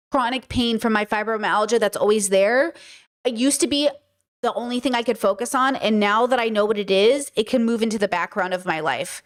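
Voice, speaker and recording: A young adult woman hosting a livestream, talking frankly to her chat and swearing freely for emphasis. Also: fairly high pitch. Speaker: podcast host.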